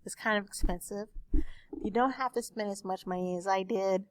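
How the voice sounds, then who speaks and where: A woman speech teacher recording a lecture for her class on a desktop microphone, explaining terms slowly with examples. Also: mid-range voice, a little hiss or hum. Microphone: desktop USB microphone.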